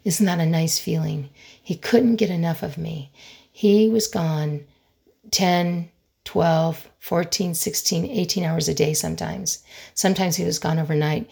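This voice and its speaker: Gravelly, husky woman podcast host. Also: low-pitched, a little mellow. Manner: earnest and emphatic, with dramatic pauses and listed phrases. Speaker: podcast host and conflict resolution expert. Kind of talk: solo podcast talk.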